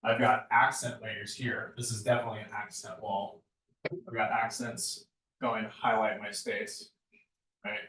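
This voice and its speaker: A man's voice: lowish voice, flat delivery, unhurried, a bit bright. A man giving a conversational lecture on lighting design, often tagging his points with a questioning "right?". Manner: conversational, keeps asking "right?". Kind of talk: classroom lecture. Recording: echoey room, far from mic.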